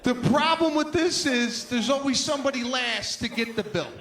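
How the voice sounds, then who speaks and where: A man doing a stand-up comedy routine, exasperated and acting out characters, building to shouts. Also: very high voice, moderate pace. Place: comedy stage before a live audience. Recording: live show with crowd laughter and noise.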